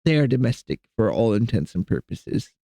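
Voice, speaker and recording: A man's voice: mid-range voice, very animated, normal speed, creaky, mellow, no echo. Chatty young man streaming from home. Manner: rambling, joking, chatting to his cats. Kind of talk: casual live-stream chat. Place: home computer desk.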